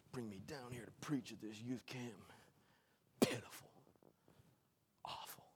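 A middle-aged male preacher delivering a sermon, shouting rhythmic repeated lines and dropping to quiet storytelling. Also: medium pitch. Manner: swings between shouted exclamations and quiet storytelling; repetitive, rhythmic preaching cadence.

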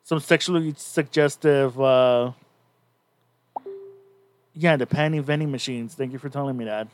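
A man's voice: mid-range voice, measured pace. A man co-hosting a podcast, casually recapping a story in a rambling way with many restarts. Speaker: podcast co-host.

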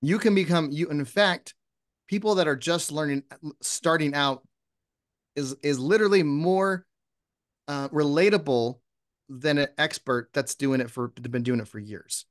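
A man talking as a guest in a casual interview, lively and often acting out example posts. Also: fairly high pitch, measured pace. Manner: animated, acts out sample posts in voices. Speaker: podcast guest.

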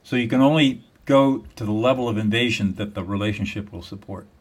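A man's voice: lowish voice, brisk. Emphatic man explaining a method. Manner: emphatic, repeats words, teaching step by step. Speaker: guest, mediator. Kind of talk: explanatory interview talk.

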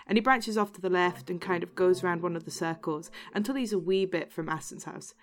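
A woman narrating a tabletop role-playing game as game master, relaxed and chatty. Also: on the low side, fairly quick.

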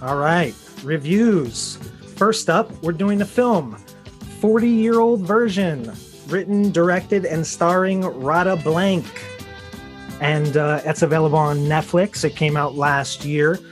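A man from Chicago co-hosting a podcast, easygoing and quick to laugh as he introduces segments. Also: a little high, faint music behind. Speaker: podcast co-host, bartender. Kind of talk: casual chat and segment intro.

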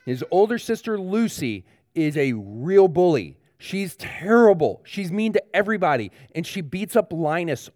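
Pastor preaching to kids. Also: male voice, sits high, big pitch swings, normal speed, hardly any pauses, a little mellow, no room sound, clean studio sound. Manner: talks directly to kids, asks them questions. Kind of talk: children's sermon.

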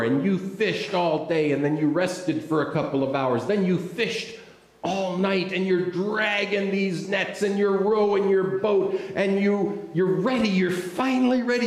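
Animated man preaching in an echoey hall. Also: high voice. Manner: animated, joking, acting out scenes. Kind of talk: storytelling sermon. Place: hall with audience.

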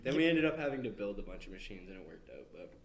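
A man's voice: lowish voice, big pitch swings, quick pace, roomy sound, rough recording. Laid-back young man telling stories. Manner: laid-back, swears often, laughs a lot. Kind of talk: casual storytelling chat.

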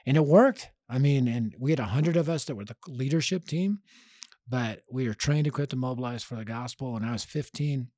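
A man's voice: medium pitch, fairly quick, dry recording. A man telling his life story on a podcast with energy, acting out the people he quotes. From Denver, United States. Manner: energetic, acts out quoted voices, punchy. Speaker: podcast guest, youth ministry leader. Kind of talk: animated storytelling interview.

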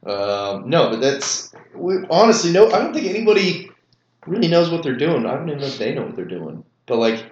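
A man with a higher, lively voice that swings a lot in pitch makes sarcastic jokes about basketball. He sounds echoey and slightly dull, with faint clicks in the background. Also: fairly quick. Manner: sarcastic, joking, swears freely. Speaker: podcast co-host. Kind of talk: casual basketball chat.

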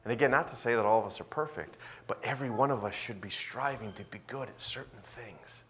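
A male pastor preaching a sermon, swinging between loud emphasis and quiet asides. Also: mid-range voice, fairly quick, a little hiss or hum.

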